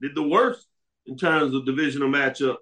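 A man, hosting a sports show and walking viewers through tiebreaker scenarios in an animated, direct way. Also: mid-range voice, a little fast, rough recording. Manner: animated, talks straight to viewers. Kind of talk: sports analysis talk.

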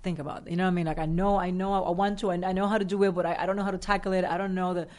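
A woman from Rico, a guest telling an animated story in a casual interview, acting out what people said. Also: on the low side. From Puerto Rico. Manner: animated, acts out quoted dialogue, fast bursts. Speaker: actress and guest.

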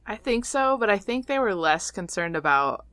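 A woman's voice: mid-range voice, sing-song, moderate pace, fairly bright tone, dry recording. A woman co-hosting a podcast, mostly giving short agreeing replies in casual chat. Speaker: podcast co-host.

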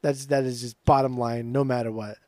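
A man co-hosting a podcast in casual, profane chat, animated and laughing often. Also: medium pitch, brisk, no echo, studio quality. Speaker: podcast co-host.

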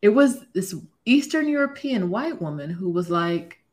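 A woman around forty, a podcast guest, telling a personal story in a casual, animated way and laughing often. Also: mid-range voice, unhurried. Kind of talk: casual conversation.

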